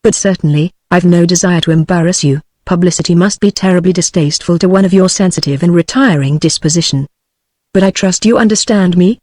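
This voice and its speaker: A British-accented text-to-speech female voice reading the lines of a suave, mocking male adventurer in an audiobook, with a synthetic, even delivery. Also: on the low side, a little fast, no room sound, studio quality, natural voice.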